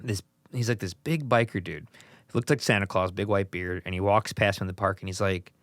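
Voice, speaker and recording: A man's voice: low-pitched, a little fast, no room sound, clean studio sound. A man hosting a podcast in casual chat, telling rambling stories and laughing easily. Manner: rambling, chatty storyteller who laughs easily. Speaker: podcast host.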